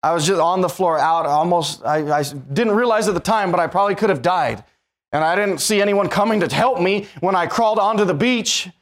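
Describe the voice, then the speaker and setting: A man preaching a sermon, telling a story from his own life, moving between hushed, slow stretches and loud, fast, rising passages. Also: high-pitched.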